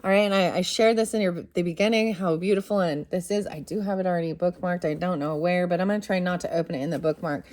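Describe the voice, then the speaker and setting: A woman giving a casual tarot reading and reading aloud from a storybook, excitable and talking straight to her viewers. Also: on the low side, fast, few pauses. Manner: excitable, talks straight to viewers, bursts of laughter. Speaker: tarot reader.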